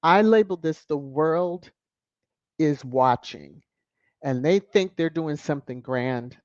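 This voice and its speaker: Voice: mid-range voice, measured pace, a little mellow, no echo. A commentator on a video channel, sassy and mocking, chuckling often while reading headlines and viewer comments aloud. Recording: dull lo-fi, dry close mic.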